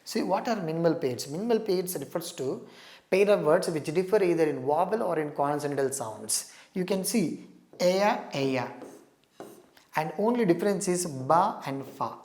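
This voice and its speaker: A woman's voice: low-pitched, expressive, normal speed, darkish tone. A woman teaching exam preparation and explaining, repeating key terms as she goes. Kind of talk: recorded exam-prep lecture. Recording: roomy echo.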